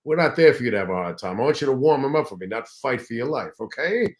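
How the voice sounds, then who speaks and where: A man doing an impression of a brash, profane older male comedian, speaking higher and louder than his own voice, punchy and emphatic. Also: very animated, fast, natural voice. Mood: indignant.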